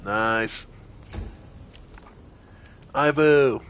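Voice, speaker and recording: His medium-pitched voice sounds clear and resonant, and he draws his words out. While streaming a strategy role-playing game, he casually works through each party member's turn out loud, punctuated by animated outbursts.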